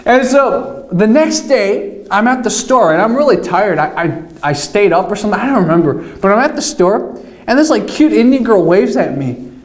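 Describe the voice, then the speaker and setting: High-voiced young man telling a rambling story. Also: big pitch swings, normal speed. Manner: rambling, swearing, self-mocking. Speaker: vlogger. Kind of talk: casual storytelling vlog. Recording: echoey room.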